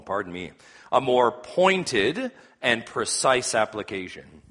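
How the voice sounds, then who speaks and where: A man's voice: lowish voice, bright, forceful tone. A man preaching a sermon, reading scripture aloud and rising in earnest emphasis, with a cough now and then. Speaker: pastor.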